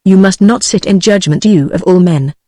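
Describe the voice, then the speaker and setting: A text-to-speech woman's voice with a British English accent reads a classic novel aloud, flat and mechanical, sometimes speaking punctuation marks. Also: mid-range voice, moderate pace, no echo. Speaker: audiobook narrator. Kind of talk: synthetic audiobook narration.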